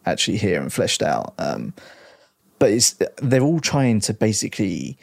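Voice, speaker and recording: A man's voice: fairly low pitch, sing-song, normal speed, creaky, no room sound, clean studio sound. A man on a tech podcast panel, musing thoughtfully in a loose way and repeating words as he thinks. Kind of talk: casual panel discussion.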